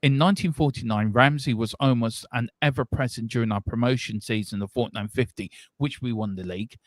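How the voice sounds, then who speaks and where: A man co-hosting a casual fan live stream, reading viewer comments aloud with quick asides. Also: mid-range voice, dry recording. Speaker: fan show co-host.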